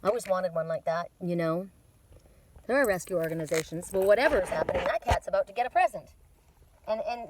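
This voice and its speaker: Out in a windy mountain forest, a fifty-something woman with a mid-range voice gives an informal oracle card reading. She's talkative and meandering, repeating things frequently.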